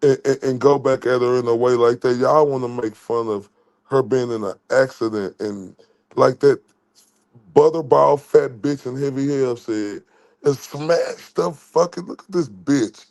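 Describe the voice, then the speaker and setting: A man's voice: medium pitch, a little slow, gravelly, darkish tone. A man from Dallas, Texas hosting a livestream and ranting with profane, repetitive insults. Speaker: livestream host. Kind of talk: heated livestream rant.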